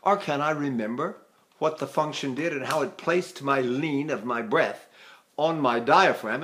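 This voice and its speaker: A man's voice: mid-range voice, unhurried, fairly bright tone, slight background noise. An older man teaching singing in a chatty, self-mocking way, breaking into sung vowel demonstrations. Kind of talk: spoken vocal lesson with sung demonstrations.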